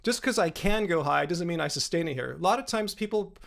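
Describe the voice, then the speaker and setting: A man's voice: high-pitched, lively intonation, a little fast, gravelly, fairly bright tone. A man in his fifties hosting a live stream Q&A, combative and sarcastic, talking to chat commenters by name and rambling with restarts. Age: 50s. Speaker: livestream host.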